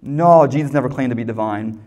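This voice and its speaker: A man's voice: medium pitch, brisk, a little mellow, muffled recording. A man preaching a sermon as pastor, teaching in a conversational, emphatic way with rhetorical questions.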